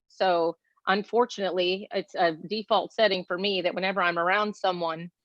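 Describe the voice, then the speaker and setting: A woman's voice: medium pitch, a bit bright, no room sound. A woman from Texas, a guest talking casually in an outspoken, chatty way with many fillers. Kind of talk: casual conversation. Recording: dull lo-fi sound.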